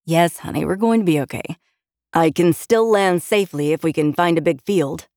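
A woman voicing a calm, teasing young husband and pilot in an offhand, patronizing way in an audiobook. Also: lowish voice, normal speed, no echo, clean studio sound, close to an everyday voice. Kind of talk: audiobook character voice.

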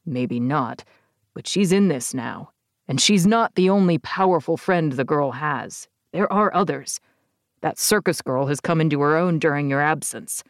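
A woman reading an audiobook, voicing a calm, blunt male minion who speaks evenly and never rises to anger. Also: low voice, a little slow, no room sound, studio quality. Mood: deadpan. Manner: even, deadpan, unruffled. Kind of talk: audiobook character voice.

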